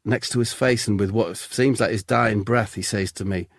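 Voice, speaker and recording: Man spinning a deadpan comic tall tale. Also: fairly low pitch, moderate pace, creaky, dry recording, studio quality. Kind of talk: comic storytelling.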